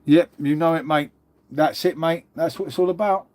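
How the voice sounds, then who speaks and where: An Englishman with a slightly higher voice than most men chats casually on a livestream, answering viewers as he goes. He's blunt, swears freely and drops "mate" into nearly every sentence. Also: moderate pace, darkish tone. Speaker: livestream host.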